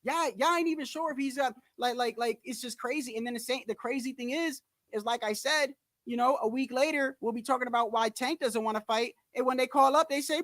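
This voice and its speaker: This man talks briskly with hardly any pauses, his very high-pitched voice a bit bright and free of room sound. He hosts a boxing channel, ranting in casual commentary that's blunt, emphatic, profane and repetitive for emphasis. Speaking straight to viewers, he often says "bro".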